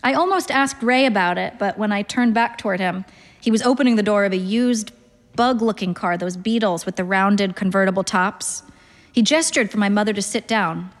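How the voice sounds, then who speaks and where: A woman in her thirties reading a literary short story aloud in a dry, deadpan, wry manner. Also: mid-range voice, normal speed, big-room sound. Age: 30s. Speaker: narrator.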